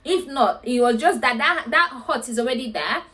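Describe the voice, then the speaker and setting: A woman's voice: sits high, expressive, normal speed, bright, forceful tone. A woman hosting a reality show recap, chatting casually and acting out quotes in a raised voice. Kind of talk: casual commentary.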